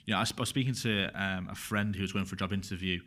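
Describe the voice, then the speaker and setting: A man's voice: low-pitched, fairly even intonation, racing, pushed and bright. A man being interviewed on a podcast, speaking frankly and with feeling, repeating phrases for emphasis. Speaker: podcast guest. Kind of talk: casual conversational interview.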